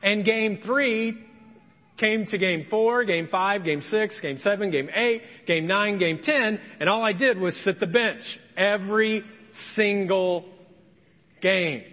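A man's voice: high voice, measured pace. A pastor from Indiana preaching a conversational sermon, acting out the voices of people he quotes. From Indiana, USA. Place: church sanctuary. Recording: echoey hall, dull lo-fi sound.

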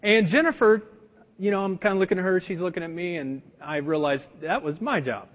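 A man's voice: high-pitched, brisk. A middle-aged male pastor preaching a sermon, telling a personal story in a conversational way with plenty of fillers. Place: church sanctuary. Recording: dull lo-fi sound with long church reverb.

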